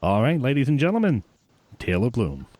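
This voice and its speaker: A man's voice: mid-range voice, huge pitch swings, moderate pace, a little mellow, dry recording. A man hosting a podcast interview, casual, jokey and self-deprecating. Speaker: podcast host.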